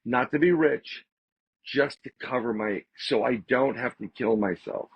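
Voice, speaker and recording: A man, a podcast guest, telling a story in a casual, animated way and repeating phrases for emphasis. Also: mid-range voice, unhurried, creaky, breathy edge, no echo. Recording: slightly dull lo-fi audio.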